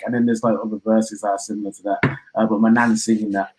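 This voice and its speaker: A young man from the West Midlands of England, talking as a podcast guest in animated, slang-heavy casual banter about football. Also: on the low side, quick pace, rough recording.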